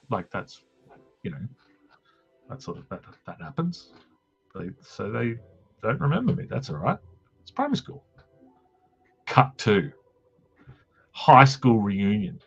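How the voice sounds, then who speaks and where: Self-mocking man, lowish voice. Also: very animated, gravelly, fairly bright tone, slightly rough. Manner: self-mocking, jokey anecdotes with quick voiced quotes. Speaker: host of a drawing live stream. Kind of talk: casual storytelling chat. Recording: dull lo-fi stream audio with faint music.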